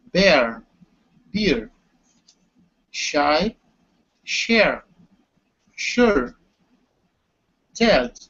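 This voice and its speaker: A man with a slightly husky, lively voice reads word lists very slowly in a pronunciation class. The audio is dull and muffled. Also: on the high side. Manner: slow, careful reading of word lists. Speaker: language student. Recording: muffled video call audio.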